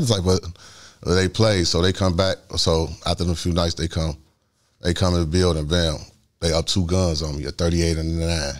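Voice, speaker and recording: A middle-aged man with a Chicago accent, telling a street story in casual talk, animated and full of slang, acting out other people's voices. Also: sits low, moderate pace. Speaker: guest storyteller.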